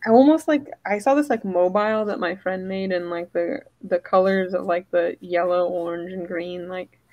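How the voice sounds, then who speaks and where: A woman co-hosting a casual chat, talking in a halting way full of "like" and "um". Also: lowish voice, dry recording, muffled recording. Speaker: co-host, photographer.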